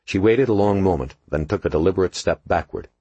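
A man narrating an audiobook in an expressive, measured storytelling manner. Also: deep voice, slightly rough, no room sound, dull audio. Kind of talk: scripted narration.

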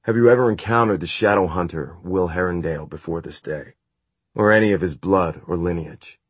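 A man's voice: low voice, a little fast, breathy edge, no echo. Man doing a playful, flamboyant warlock. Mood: commanding. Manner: light, teasing, turns commanding.

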